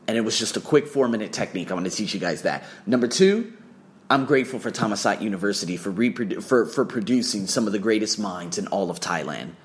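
A young man hosting a casual solo podcast, telling travel stories with lots of swearing and acted-out quotes. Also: lowish voice. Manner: animated, profane storytelling with acted-out quotes. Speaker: podcast host.

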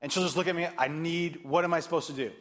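A man preaching a sermon as pastor, animated and joking, acting out the voices he quotes. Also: on the high side, fast.

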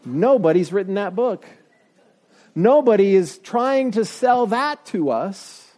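Lively, chatty male pastor preaching. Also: takes it slowly. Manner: conversational, self-deprecating, lively shifts of pitch. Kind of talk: sermon.

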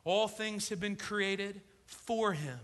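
A man's voice: sits high, takes it slowly, a bit bright, big-room sound. A male pastor preaching an emphatic sermon with rhetorical asides.

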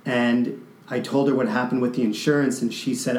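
A man from Canada recounts a deeply personal story, his voice halting and full of restarts as emotion comes through. His pitch sits in the middle range. The recording has a noticeably echoey room sound. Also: steady tone, darkish tone, slight background noise.

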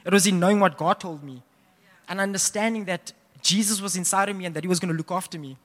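Young guy preaching, animated casual storytelling, sharp tone. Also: high-pitched, fast. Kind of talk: sermon with personal storytelling. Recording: long hall reverb.

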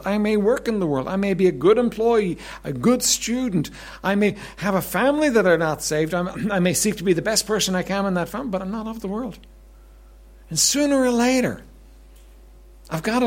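A man preaching a sermon as pastor, conversational, repeating words and clearing his throat often, swinging between emphatic lines and soft asides. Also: high-pitched.

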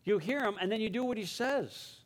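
A male pastor preaching a sermon, telling a story dramatically and then going hushed for prayer. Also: high-pitched, expressive, fairly quick.

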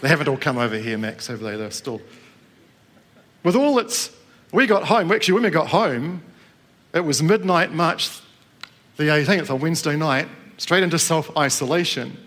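A middle-aged man from New Zealand gives a sermon to a gathered congregation. His voice sits a little on the high side, and he tells a personal story in a relaxed, conversational way. He keeps asking the room questions as he goes. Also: moderate pace. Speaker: preacher. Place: church with live congregation.

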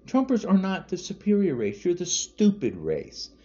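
A man's voice: high voice, wildly swooping pitch, moderate pace, warm tone. A man podcasting an angry political rant, furious and repetitive, hurling insults. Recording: dull lo-fi audio.

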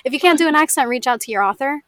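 An American woman, an audiobook narrator, chatting casually in an interview, laughing often and filling pauses with ums. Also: sits high, lively intonation, background noise.

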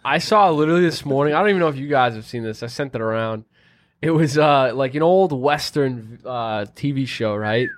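A man, either a podcast guest or co-host, tells stories in a laid-back, slangy way during casual chat. His voice is medium-pitched and his delivery brisk.

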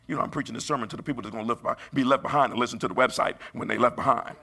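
A middle-aged man preaching a sermon, emphatic and rising into high bursts. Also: very fast, creaky, bright, forceful tone.

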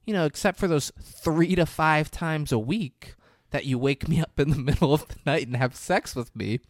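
A man's voice: fairly high pitch, normal speed, no echo, studio quality, voice pushed up, close to an everyday voice. A man doing a sarcastic exasperated wife.

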